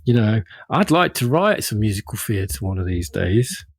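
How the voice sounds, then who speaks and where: A man's voice: on the low side, sing-song, normal speed, dry recording, clean studio sound. A man co-hosting a podcast, musing thoughtfully in casual chat. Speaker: podcast co-host.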